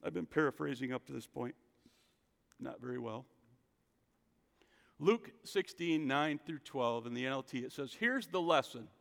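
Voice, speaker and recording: A man's voice: medium pitch, normal speed, creaky, long pauses. A man preaching a casual sermon, talking conversationally and calling on the congregation to repeat after him. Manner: conversational, calls for congregation responses. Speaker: pastor. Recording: echoey hall.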